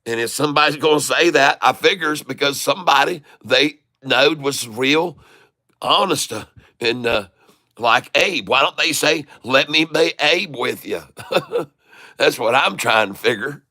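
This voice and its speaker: A man's voice: mid-range voice, expressive, measured pace, sharp tone, no echo. A man putting on the voice of a joking rural Southern man with a thick Southern drawl. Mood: folksy. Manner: drawling, folksy, chuckling.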